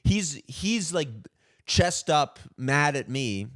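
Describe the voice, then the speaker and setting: A man's voice: on the high side, animated, slow, a bit bright, no echo, studio quality. Indignant, stammering male comedian ranting. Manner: stammering restarts, profane, indignant. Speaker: comedian and podcast host. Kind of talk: ranting comic monologue.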